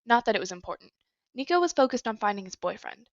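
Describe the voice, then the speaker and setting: A woman reading a story aloud in a plain, even manner with small slips. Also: medium pitch, fast, dry recording, dull audio. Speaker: story reader. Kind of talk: reading fan fiction aloud.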